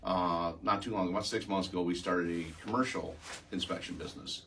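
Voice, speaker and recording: A man's voice: low voice, steady tone, a little fast, sharp tone, recorded from a distance, slight background noise. A business owner guest chatting casually, a joking storyteller who teases his hosts. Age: older. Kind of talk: casual chat.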